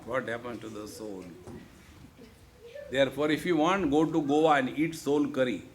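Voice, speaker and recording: A man's voice: mid-range voice, moderate pace, noisy background. A man giving a humorous spiritual discourse, joking and often repeating "see, friends". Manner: jovial, repeats "see, friends", playful asides. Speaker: spiritual teacher. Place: lecture hall.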